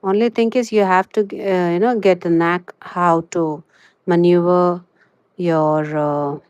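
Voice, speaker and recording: A woman's voice: fairly low pitch, steady tone, a little mellow, clear, resonant tone, dry recording. Chatty woman streaming a crochet lesson. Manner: chatty, fills pauses with "you know". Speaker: crochet livestreamer. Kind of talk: live crochet tutorial and chat.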